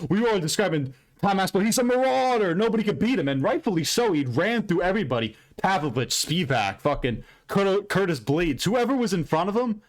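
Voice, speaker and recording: Loud, cursing man ranting about fights. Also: high voice. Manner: loud, profane, heated and emphatic; rambling with frequent restarts and fillers. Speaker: MMA recap channel host. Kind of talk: unscripted fight recap rant.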